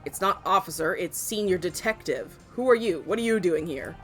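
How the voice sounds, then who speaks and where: A woman voicing a gruff male senior detective in a video game, giving blunt commands. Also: lowish voice, lively intonation, normal speed, a bit bright, soft background music. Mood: irritated. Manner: commanding, barking orders.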